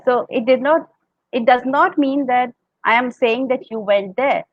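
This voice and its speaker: A woman's voice: sits high, normal speed, no echo, narrow, tinny audio. A woman with an Indian accent on a podcast, explaining public speaking tips and acting out sample tones. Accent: Indian English. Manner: explanatory, demonstrates tones, laughs often.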